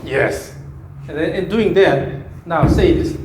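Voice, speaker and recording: A man's voice: on the high side, slow pace. A man giving a hands-on golf swing lesson, repeating cue phrases and humming the swing rhythm. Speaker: golf coach. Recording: echoey room, faint background noise.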